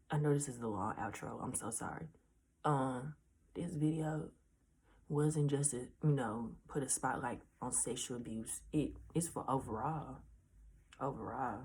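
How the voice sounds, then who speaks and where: A woman's voice: very deep voice, slow pace, pauses often, darkish tone, husky. A 19-year-old woman speaking earnestly and casually to her viewers in a heartfelt storytime vlog, repeating reassurances. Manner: casual slangy speech. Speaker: vlogger.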